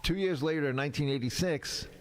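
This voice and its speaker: A man from Brooklyn, telling radio stories in a casual podcast chat and acting out the people he quotes. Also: fast talker. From Brooklyn, New York. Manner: animated, acts out quoted people with big pitch jumps. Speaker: radio veteran on a podcast panel.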